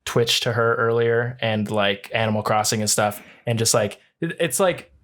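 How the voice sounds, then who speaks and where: A man's voice: mid-range voice, normal speed, fairly bright tone. A young man co-hosting a podcast from home over a voice call, reading quiz questions and chatting loosely with casual swearing. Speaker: podcast co-host. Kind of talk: casual chat, quiz host. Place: home room, remote call. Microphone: voice call over internet.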